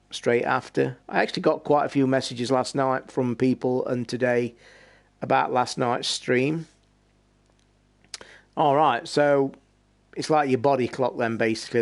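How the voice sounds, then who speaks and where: Tired British male streamer, gravelly voice, rambling casual chat. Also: mid-range voice. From Britain. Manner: rambling, chatty, swears casually. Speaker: game streamer.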